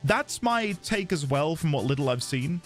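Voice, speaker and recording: A British man streaming a video game, chatting casually with his viewers, quick to laugh and self-deprecating. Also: a little high, very animated, soft background music. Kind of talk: casual live-stream chat.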